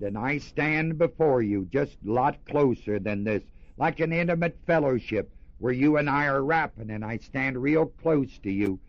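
A man preaching a sermon in an auditorium, folksy and animated, calling his listeners honey and baby. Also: mid-range voice, dry recording, highs cut off.

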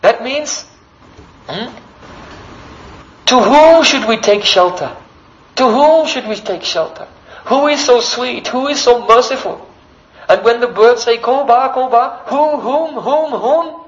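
A man's voice: extremely high pitch, animated, measured pace, pauses often, dull audio. A man preaching a devotional sermon as a story, often checking in with the listeners by asking them questions.

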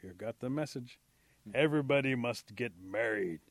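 A man's voice: medium pitch, normal speed, no room sound, close to an everyday voice. A man voicing a commanding male village chief giving orders in a told story. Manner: commanding, bossy.

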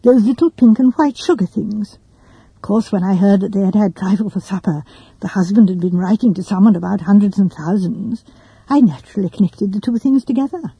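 A woman voicing a gentle, fussy old spinster who rambles softly. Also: mid-range voice, a little fast, husky, no echo, highs cut off. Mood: musing. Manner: rambling, soft and quiet.

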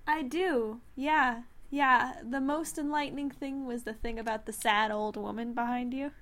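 A woman's voice: on the high side, fairly even intonation, normal speed, a bit bright. A woman co-hosting a podcast in casual chat, making dry, wry asides. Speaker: podcast co-host.

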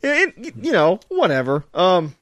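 Man co-hosting a podcast, lively swooping pitch, dry close sound, rambling jokey chat. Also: normal speed, no room sound. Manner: rambling, filler-heavy, jokey. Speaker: podcast co-host. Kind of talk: casual chat.

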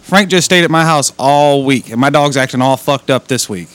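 A man's voice: medium pitch, normal speed, a bit bright. A man co-hosting a radio show, making profane, wisecracking remarks in casual chat.

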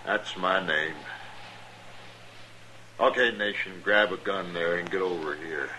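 An actor playing a threatening outlaw with a low drawl in a 1950s radio western. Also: male voice, a little slow, pushed and bright, a little hiss or hum, low-quality recording. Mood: menacing. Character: menacing outlaw holding hostages.

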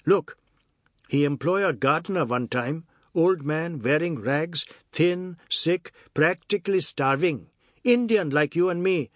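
A man's voice: a little high, measured pace, no room sound, studio quality, voice pushed up, lightly acted. An actor playing a brash, melodramatic man who talks in clipped island dialect and swings from teasing to bawling. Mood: indignant. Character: brash loud middle-aged man, boastful then maudlin.

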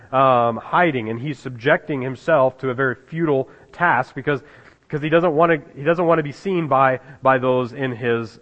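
A man preaching a conversational sermon as a pastor, pausing often with fillers and restarts, and chuckling at the scripture he reads. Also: medium pitch. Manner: halting, many fillers and restarts, chuckles at the text. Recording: dull sound in a reverberant hall.

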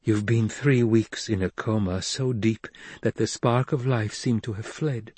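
A man voicing a weary, sharp-tongued middle-aged mother in an audiobook reading. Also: lowish voice, fairly even intonation, unhurried, husky, dry recording. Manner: weary and bitter.

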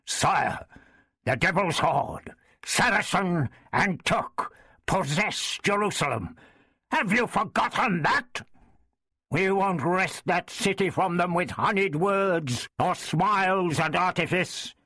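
A man voicing a fierce, hot-headed crusader earl who talks in a loud, scornful, emphatic way. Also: sits high, lively intonation, slow pace, breathy edge, dry recording, studio quality, voice pushed up, full character voice. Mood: shouting angrily.

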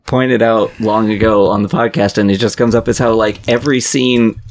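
A man with a lowish voice co-hosts a casual podcast chat. He backs up his guest with steady agreement and laughs easily. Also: normal speed. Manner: affirming, lots of mm-hmms, easy laughs. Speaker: podcast co-host.

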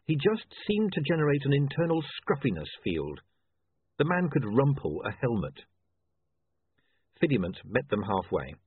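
Man, audiobook narration, expressive, dry sound, tinny phone-like line. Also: medium pitch, moderate pace, long pauses, slightly rough, no echo.

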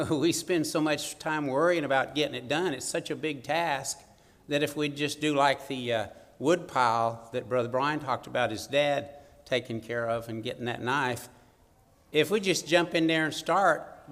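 A man's voice: on the high side, a bit bright, long reverb tail. A man preaching a sermon, reciting a poem with rhythmic emphasis and then urging his congregation on. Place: church hall.

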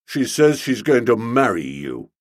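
A man's voice: mid-range voice, very animated, measured pace, no room sound, studio quality, voice pushed down. A man voicing a resentful young policeman who talks bluntly and grudgingly, in an audiobook. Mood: brooding. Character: gruff young male policeman, resentful and menacing. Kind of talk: audiobook character voice.

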